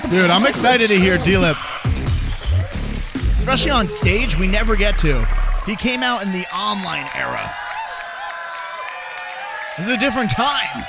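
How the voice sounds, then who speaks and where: A man's voice: high-pitched, lively intonation, unhurried, creaky, pauses often, over a noisy crowd. A man hosting a reaction video, gushing and exclaiming as he comments on a performance. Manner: exclamatory, gushing, swears casually. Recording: loud music playing underneath.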